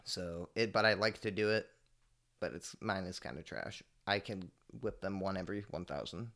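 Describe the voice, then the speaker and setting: A podcast host with a deep voice chats solo on his own show at normal speed, telling stories in a rambling, profane, laid-back way, with mumbled asides and sudden loud bursts.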